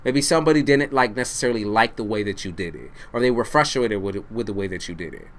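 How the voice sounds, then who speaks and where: A man's voice: on the low side, expressive, fast talker. Blunt, cursing male tarot reader. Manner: blunt, profane, repeats for emphasis; addresses the listener directly. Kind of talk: tarot reading to camera.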